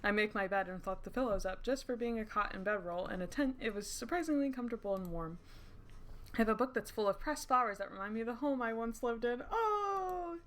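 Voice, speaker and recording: A woman streaming a story game, reading its lines aloud and reacting with animated, giggly, casual chatter. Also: on the high side, fast talker. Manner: giggly, animated, swears casually, breaks into laughter.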